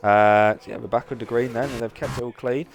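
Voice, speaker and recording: A man commentating a sim racing league race, excitable and swearing casually. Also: medium pitch, fast talker, creaky. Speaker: lead commentator.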